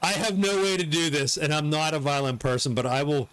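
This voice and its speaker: A middle-aged man giving live commentary on his gameplay, excitable, swearing and laughing often. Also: on the high side, moderate pace. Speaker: game streamer.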